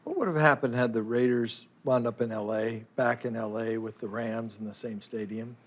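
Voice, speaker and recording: A man hosting an interview and asking casual, halting questions in a studio. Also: medium pitch. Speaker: interviewer, sports columnist.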